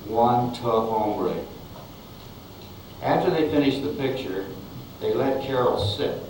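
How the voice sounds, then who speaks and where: Speaking slowly in a mellow, mid-pitched voice, an elderly director chuckles his way through rambling interview stories about the Westerns he made, often starting over mid-thought. Background noise and room echo come through from the distant microphone.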